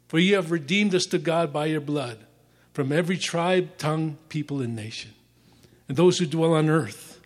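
A man teaching the Bible, reading scripture aloud and explaining it, his voice sinking quieter at the ends of phrases. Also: a little high, husky.

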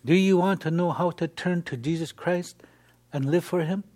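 A man's voice: on the high side, normal speed, darkish tone. Earnest man hosting a Christian program. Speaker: host.

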